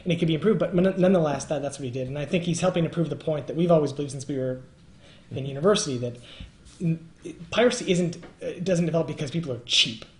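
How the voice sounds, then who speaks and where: Fast-talking emphatic young man, roomy. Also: on the high side, slight background noise. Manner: argumentative, rapid and emphatic. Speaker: co-host. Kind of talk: casual chat on a livestream. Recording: roomy echo.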